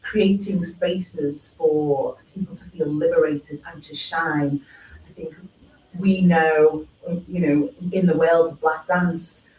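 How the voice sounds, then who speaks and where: A woman's voice: low-pitched, darkish tone, echoey room, distant mic, a little hiss or hum, rough recording. A woman with a Scouse accent speaking in a chatty, easygoing way on a live panel. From Liverpool, England. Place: event hall at a live forum.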